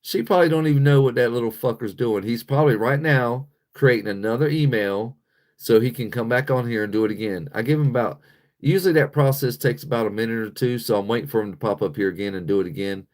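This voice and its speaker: A man's voice: mid-range voice, quick pace. A man hosting a casual livestream, talking bluntly and profanely to his chat and laughing often. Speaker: livestream host.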